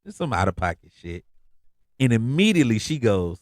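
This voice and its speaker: A man's voice: mid-range voice, big pitch swings, fairly quick, dry recording, clean studio sound. A man hosting a podcast, telling a story in a casual, laid-back way, full of slang and repeated phrases. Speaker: podcast host.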